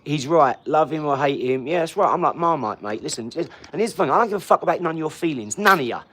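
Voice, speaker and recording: A man's voice: fairly high pitch, lively intonation, fast, a bit bright. A man in his forties with a slightly raised voice. He talks bluntly and emphatically to his livestream chat, swearing freely and laughing often as he answers viewers' comments. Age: 40s.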